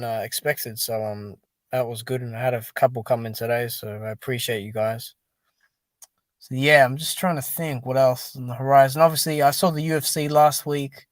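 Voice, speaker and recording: A man's voice: mid-range voice, no echo. Guy ranting about fight matchups to his viewers, fed up, dry close sound, says dude a lot. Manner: exasperated, dismissive, repetitive fillers like "dude" and "man". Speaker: boxing commentary channel host. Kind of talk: casual solo boxing and MMA commentary.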